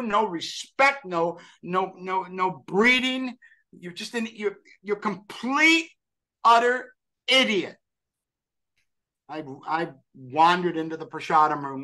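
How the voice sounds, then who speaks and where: An older man from New York, telling an animated, self-deprecating story as a podcast guest. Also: medium pitch. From New York, USA. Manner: animated, acts out quoted voices, self-deprecating. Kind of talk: storytelling anecdote.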